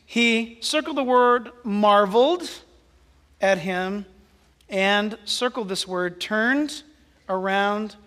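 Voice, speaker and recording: Male pastor, high bright voice, animated sermon, long hall reverb. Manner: animated, swings from hushed asides to loud exclamations.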